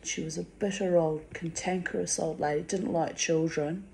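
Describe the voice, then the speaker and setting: A woman's voice: sits low, fairly even intonation, normal speed, vocal fry, dark tone, slight background noise. A middle-aged woman speaking in a personal vlog monologue, bitter and confiding, with blunt swearing. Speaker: vlogger.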